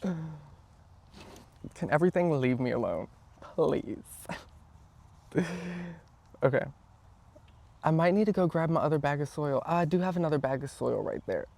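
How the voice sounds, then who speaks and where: A young man chatting casually outdoors as he repots plants, excitable and quick to exclaim at things around him. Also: on the high side, gravelly. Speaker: vlogger. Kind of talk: casual chat while gardening. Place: outdoors, yard.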